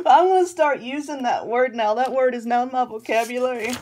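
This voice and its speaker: Chatty Southern woman, a bit high. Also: darkish tone. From Southern United States. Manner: chatty, rambling, giggly. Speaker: vlogger. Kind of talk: casual chat showing mail.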